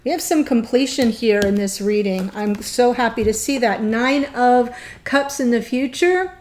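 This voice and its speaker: A woman giving a gushing, excitable tarot reading, choked up and near tears. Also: fairly high pitch, moderate pace. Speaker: tarot reader.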